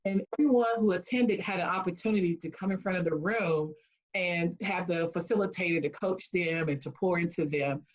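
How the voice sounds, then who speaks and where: A woman's voice: lowish voice, moderate pace, lo-fi sound. A woman speech-language pathologist and coach, answering interview questions by telling a personal story with acted-out quotes and frequent laughter. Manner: animated storyteller who acts out quotes and laughs often.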